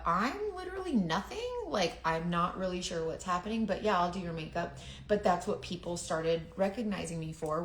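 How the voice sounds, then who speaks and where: A woman's voice: fairly low pitch, roomy sound, slight background noise. Rambling woman with a drawl. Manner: rambling, confiding, trails off and restarts. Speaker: makeup seller and vlogger. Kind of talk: casual chat while doing makeup on camera.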